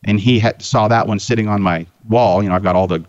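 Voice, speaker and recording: A man, a guest on a talk show, telling a casual story in an animated, swearing way. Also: on the low side, quick pace, no room sound, lo-fi sound. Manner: animated, profane anecdote-telling. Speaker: guest, Jeep owner.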